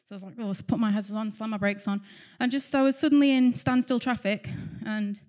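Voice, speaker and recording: Chatty woman, higher voice. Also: fairly even intonation, fast, darkish tone. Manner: chatty, fills silences with talk; earnest and heartfelt, with light laughter. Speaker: church member sharing testimony. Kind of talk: personal testimony talk.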